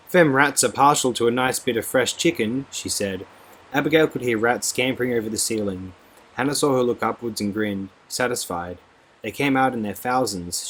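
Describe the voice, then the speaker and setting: A man reading a novel aloud as an audiobook narrator, steady and expressive. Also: lowish voice, slightly rough, rough recording.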